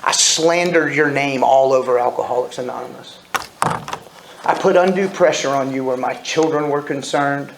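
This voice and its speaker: A man's voice: mid-range voice, normal speed, vocal fry, noisy background. Candid man telling his recovery story. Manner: candid storytelling, self-deprecating. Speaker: AA speaker. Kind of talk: recovery meeting share. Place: meeting room. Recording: echoey room with faint ambience.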